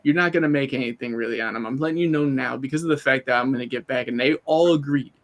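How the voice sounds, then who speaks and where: A man of middle pitch co-hosting a casual comics talk show. He tells long, animated stories and keeps slipping into quoting other people mid-sentence. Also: fast talker. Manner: animated storyteller, quotes people in put-on asides. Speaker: co-host. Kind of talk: casual chat.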